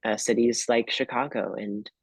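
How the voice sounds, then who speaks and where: A young male tarot reader chatting in a loose, unpolished way, often pausing and restarting his sentences. The recording is dry and close, with no room sound. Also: mid-range voice, steady tone, breathy edge, dry recording, low-quality recording. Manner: hesitant, restarts, lots of "like" and "um". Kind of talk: casual chat.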